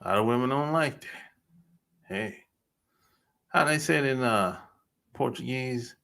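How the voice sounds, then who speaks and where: A man's voice: medium pitch, expressive, unhurried, vocal fry, sharp tone. Laid-back slangy male podcast host. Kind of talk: casual livestream chat.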